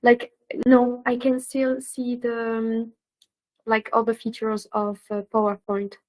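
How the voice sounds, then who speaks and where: A woman's voice: on the high side, monotone, slow pace, a little mellow, rough recording. Helpful young-sounding woman hosting over a video call. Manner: helpful, guiding, with fillers like "um" and "like". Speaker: host of a live online session. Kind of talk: casual pre-show chat.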